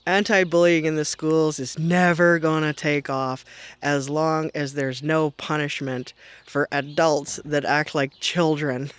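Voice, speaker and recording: A man's voice: on the high side, level tone, unhurried, fairly bright tone, clear, resonant tone, dry recording. A man playing a brash foul-mouthed middle-aged mom, ranting sarcastically and mockingly to the camera in a comedic vlog. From Canada. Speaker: comedy vlogger.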